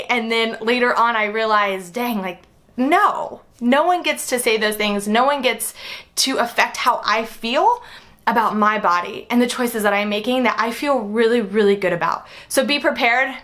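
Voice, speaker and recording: A woman's voice: a little high, bright, forceful tone. A young woman sharing fitness advice straight to the viewer, earnest and encouraging. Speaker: fitness coach. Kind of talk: direct-to-camera advice talk.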